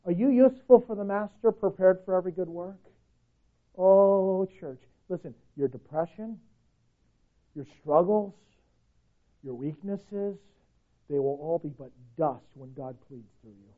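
A male pastor preaching a sermon with passion, swinging from loud urgent pleading to quiet intensity and repeating phrases for emphasis. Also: high-pitched, measured pace. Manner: passionate, swings from shouting to near whisper. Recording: tinny phone-like audio.

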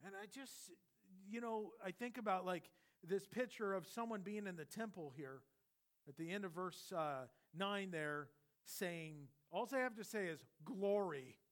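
A middle-aged pastor preaching a sermon in a conversational, animated way, swinging from loud bursts to hushed asides. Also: male voice, high voice, a little slow. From California.

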